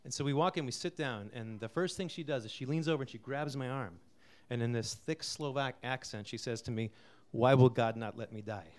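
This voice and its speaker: A middle-aged man from Connecticut introduces a song he wrote, talking softly and haltingly with many fillers. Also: mid-range voice. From Connecticut, USA. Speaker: singer-songwriter introducing a song. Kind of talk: casual spoken intro before a live song.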